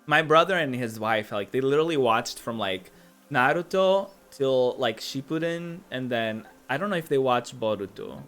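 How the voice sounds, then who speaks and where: Chatty man with a lively voice, streaming a game. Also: medium pitch, normal speed, faint music behind. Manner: chatty, filler-heavy, laughs often. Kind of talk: casual gameplay commentary.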